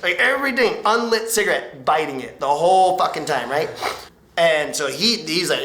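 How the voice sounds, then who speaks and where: Man spinning a rowdy story, bright tense voice, slightly high, echoey room with music under it. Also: moderate pace. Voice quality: lively, acts out others' voices. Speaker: skateboarder recounting a road trip. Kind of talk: animated storytelling with profanity.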